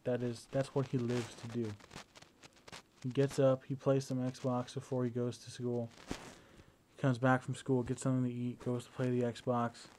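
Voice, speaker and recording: A man's voice: medium pitch, completely flat delivery, measured pace, a little mellow, slight background noise, poor audio. A young man talking into his phone in a casual, rambling video diary addressed to his partner. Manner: rambling, chatty storytelling. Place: at home indoors.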